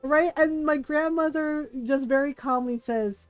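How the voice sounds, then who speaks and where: A woman's voice: high-pitched, slow, dry recording. A woman streamer telling a story in casual chat while gaming, acting out the people she quotes and often adding "right?". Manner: chatty, acts out quoted voices, frequent "right?". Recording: dry close mic with faint game music.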